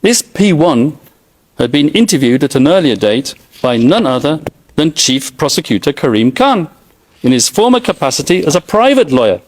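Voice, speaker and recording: A man's voice: fairly high pitch, very animated, moderate pace. A middle-aged man giving a formal, emphatic courtroom opening statement as defence counsel, with pointed sarcasm.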